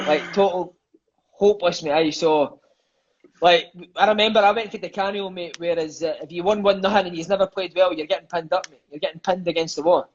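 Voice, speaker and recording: A man's voice: sits high, fairly even intonation, fairly quick, highs cut off. A Scottish man in his thirties, a podcast guest and former footballer, chatting casually and swearing, sprinkling his stories with "mate" and "aye". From Scotland. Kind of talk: casual storytelling chat.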